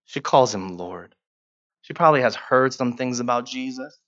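A man in his forties preaching a sermon, repeating his lines and swinging from hushed to emphatic. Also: mid-range voice, animated, moderate pace, dull audio. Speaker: pastor.

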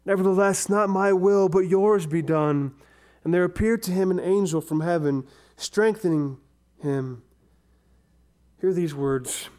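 A man preaching a sermon, slow and dramatic, his voice dropping to a near whisper on key words. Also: high voice, a little mellow. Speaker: pastor.

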